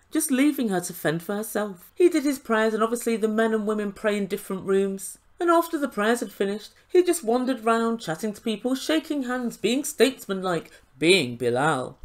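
A woman's voice: on the high side, a little mellow. A woman giving an indignant, sarcastic recap and review of a reality TV show, swearing now and then.

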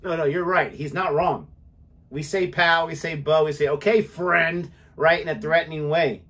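A man's voice: on the high side, steady tone, moderate pace, a bit bright, distant mic, a faint crowd. A man co-hosting a reaction video, making amused, agreeing comments in casual chat.

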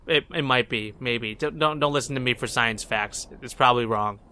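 A man's voice: medium pitch, moderate pace, pushed and bright, clean tone. Joking young man narrating gameplay. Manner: joking, rambling, talks back to the game characters. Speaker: let's play host. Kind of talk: casual gameplay commentary. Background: game music.

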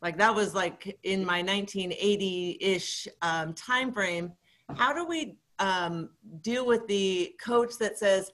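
A woman in her forties asks a friendly question during a call. She sounds warm, pauses often and uses many fillers, and her voice sits at a middle pitch. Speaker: participant asking a question. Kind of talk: casual question on a video call.

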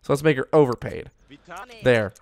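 A young man, a gaming YouTuber, plays while keeping up casual, upbeat, chatty Let's Play commentary and often speaks to viewers directly as "you guys." He talks at medium pitch and a normal speed.

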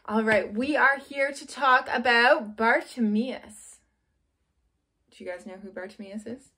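A woman's voice: a little high, a little slow, sharp tone, rough recording. A young adult woman leading a children's church lesson, reading a storybook aloud and asking the kids questions in an upbeat way. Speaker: children's ministry leader.

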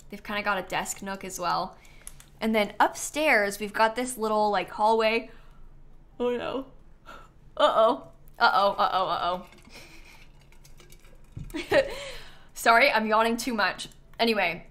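A young woman streaming live and chatting her way through viewers' builds. Her talk is casual and enthusiastic, full of little repeats and trailing phrases, at an everyday middle pitch. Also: pushed and bright.

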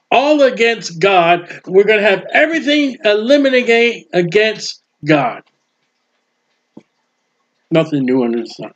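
A man preaching a sermon with emphasis, swinging between loud proclaiming and quiet asides. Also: high-pitched, dull audio.

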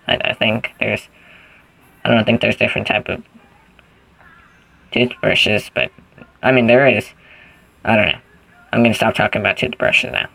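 Male gamer, casual commentary, goofy rambling; low-pitched and gravelly. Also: moderate pace, bright, forceful tone, dry recording, low-quality recording. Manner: rambling, goofy, thinks aloud while playing. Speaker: gaming channel host.

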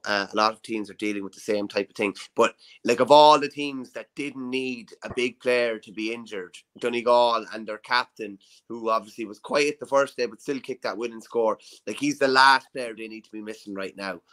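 A man's voice: lowish voice, a bit bright, rough recording. Chatty Irish man co-hosting sports talk. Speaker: podcast co-host. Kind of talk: casual sports chat.

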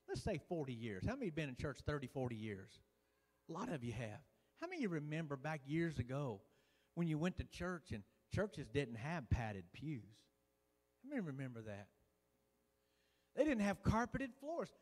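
A man preaching a sermon as pastor in a church, folksy and building to loud preaching with lots of "uh". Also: on the high side, very animated, normal speed. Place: church sanctuary. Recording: church hall reverb.

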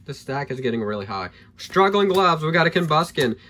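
A man opening trading card packs on camera, excitable and hyped, thinking aloud as he goes and losing his voice. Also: fairly high pitch, a little fast. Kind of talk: excited pack-opening vlog.

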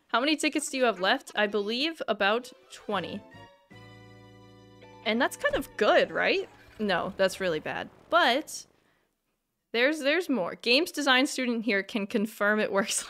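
This gamer's voice sits on the high side and is a bit bright, animated yet unhurried, with soft music playing underneath. She talks casually with her stream audience while playing, frequently exclaiming at her own expense.

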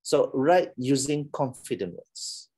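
A man's voice: medium pitch, lively intonation, slow pace, darkish tone, breathy edge. Playful Malaysian lecturer, man. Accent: Malaysian English. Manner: playful, teasing, laughs often. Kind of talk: classroom motivational talk.

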